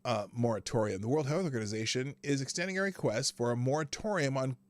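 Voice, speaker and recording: A man's voice: medium pitch, fast talker, no room sound. A man hosting a live news commentary stream, ranting sarcastically, swearing freely and laughing between sentences. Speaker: show host.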